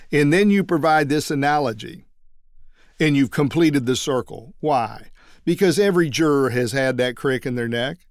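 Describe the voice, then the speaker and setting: A trial lawyer teaching other lawyers how to persuade juries, telling a story and acting out everyday quotes. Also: male voice, mid-range voice, no room sound, studio quality.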